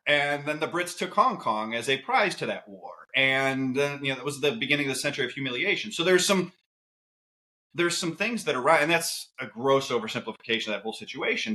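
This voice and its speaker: A man who is a podcast guest, talking casually and telling stories with quick asides. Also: mid-range voice. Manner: animated, lively storytelling with quick asides.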